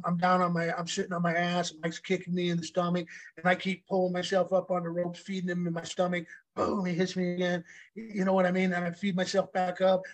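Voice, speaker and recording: High-voiced, flat-toned man telling stories. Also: rough recording. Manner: profane, rambling, repeats himself. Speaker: retired pro wrestler telling stories. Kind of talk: casual storytelling chat.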